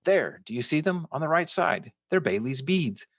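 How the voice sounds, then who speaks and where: Excitable older astronomer, read by a man; raised, eager, low creaky voice. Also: fast talker, no echo, highs cut off. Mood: excited. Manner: eager, shouting instructions.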